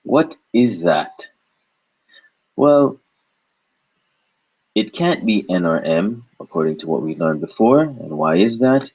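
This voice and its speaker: A man's voice: on the low side, lively intonation, a little slow, pauses often, darkish tone, breathy edge. A man teaching a recorded language lesson, explaining patiently and asking and answering his own questions. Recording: dull lo-fi recording.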